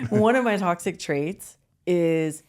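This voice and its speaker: A woman in her thirties co-hosting a podcast in casual chat, lively and laughing, swearing freely. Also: lowish voice, drawn-out words. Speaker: podcast co-host.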